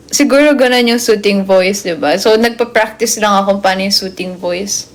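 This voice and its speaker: A woman's voice: medium pitch, moderate pace. A young woman with a Filipino accent chatting on a live stream at home, giggly and playful. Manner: giggly, playful, mixing English into Tagalog. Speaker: livestreamer. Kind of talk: casual chat on a live stream.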